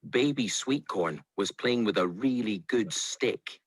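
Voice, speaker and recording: A man reads a children's story aloud with a lively, rising and falling delivery. His voice is slightly husky, and the recording is dry and close. He plays up the sound words with gusto. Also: lowish voice, a little slow, no echo. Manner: expressive, playful. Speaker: storybook reader.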